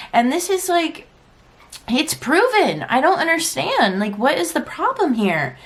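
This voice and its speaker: A woman's voice: high voice, sing-song, normal speed. A young adult woman chatting frankly in a casual storytime vlog, acting out quoted lines and saying "like" often. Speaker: vlogger and parent.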